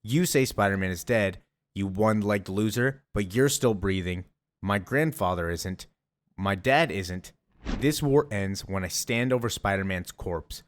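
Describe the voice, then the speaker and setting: A man's voice: lowish voice, a little slow, natural voice. A man voicing a bitter, vengeful young male villain in a sneering, threatening tone while retelling a comic.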